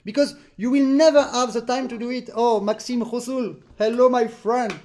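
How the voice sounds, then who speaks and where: A man's voice: extremely high pitch, steady tone, moderate pace, darkish tone. A man teaches an accordion master class over a video call, explaining patiently and singing rhythms in syllables. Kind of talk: online master class instruction.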